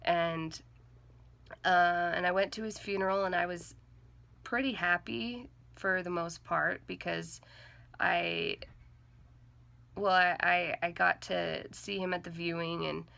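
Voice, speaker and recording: Earnest young woman with a gravelly low voice. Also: fairly even intonation, sharp tone. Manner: earnest, halting, heavy with fillers like "like" and "um". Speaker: vlogger. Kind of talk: personal storytelling to camera.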